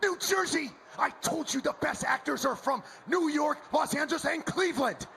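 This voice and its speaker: Smug theatrical showman, high voice. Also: moderate pace, vocal fry, sharp tone, a little hiss or hum. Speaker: talk segment host on a wrestling show.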